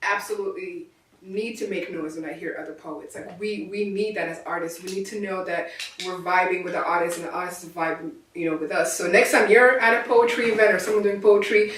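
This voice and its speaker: A woman poet talking in a casual interview in an art gallery, animated and earnest, recorded from a distant mic. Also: lowish voice, very echoey, a little hiss or hum. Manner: animated, laughs easily, earnest. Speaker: poet and performer.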